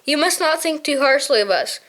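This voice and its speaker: A woman reading aloud as a blunt male shrew chieftain, hearty and loyal, in a fairly high voice. He speaks plainly, as if in a storybook, pausing now and then. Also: expressive, a bit bright. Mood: apologetic. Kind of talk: audiobook reading.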